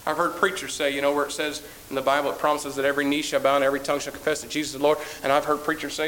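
Male preacher mid-sermon, fervent and repetitive, fairly high voice. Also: steady tone, fast, few pauses, slight background noise, poor audio. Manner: impassioned, repetitive, swelling to loud peaks then dropping low.

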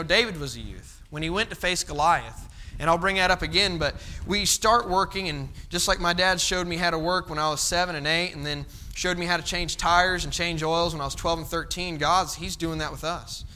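A man's voice: sits high, pushed and bright. A young man preaching a folksy sermon, telling stories and acting out his father's stern voice. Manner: folksy, storytelling, acts out his dad's stern voice.

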